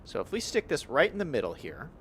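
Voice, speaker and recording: A man's voice: mid-range voice, huge pitch swings, fast talker, fairly bright tone, slight background noise. A young man giving casual gameplay commentary, upbeat and chatty, thinking aloud as he plays. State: hiccups. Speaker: gaming YouTuber.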